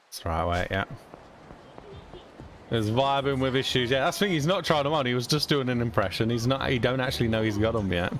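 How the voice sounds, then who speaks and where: Young British man, game streamer, casual rambling chat, frequent chuckles, mild cursing, medium pitch. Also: animated, fairly quick, fairly bright tone, slight background noise. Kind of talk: casual chat while gaming.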